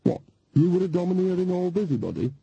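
A man's voice: medium pitch, lively intonation, normal speed, dark tone, slightly rough, dull audio. A man voicing a cheerful, mischievous old woman witch who talks chattily, read as an audiobook character. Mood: cheeky.

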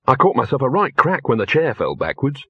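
A man's voice: mid-range voice, very animated, brisk, husky, no echo, dull audio. A man voicing a flustered, earnest young man who speaks hesitantly and nervously. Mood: puzzled.

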